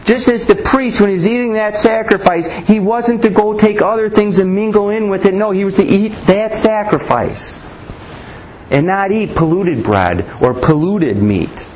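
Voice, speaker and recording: A man's voice: high voice, normal speed, darkish tone, a little hiss or hum, low-quality recording. A man preaching a Bible teaching sermon, asking rhetorical questions and often restarting his sentences.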